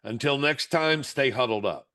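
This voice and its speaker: Middle aged guy hosting a podcast, lively storyteller, does the voices when he quotes people, mid voice. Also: medium pitch, moderate pace. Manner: animated storyteller, acts out the quotes. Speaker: podcast co-host. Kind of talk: casual chat.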